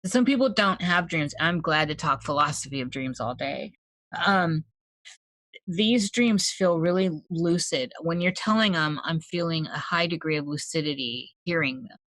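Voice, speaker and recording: A woman with a notably low voice hosts an interview and answers her guest with eager, affirming reactions. The sound is dry and close, with little room around it. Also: expressive, a bit bright, no room sound. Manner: enthusiastic, affirming, quick to laugh. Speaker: podcast host. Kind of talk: conversational interview.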